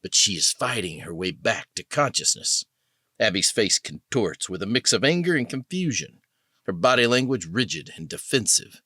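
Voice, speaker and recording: Deep-voiced male audiobook narrator. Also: sing-song, sharp tone, husky, no echo, studio quality. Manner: measured, descriptive storytelling.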